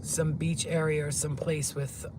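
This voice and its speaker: A woman vlogger who tells a dream in a rambling, excitable way from a parked car. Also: low voice, measured pace, noisy background. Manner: rambling, excitable, swears when flustered. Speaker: spiritual vlogger. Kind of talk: casual storytelling, recounting a dream. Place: car, pulled over.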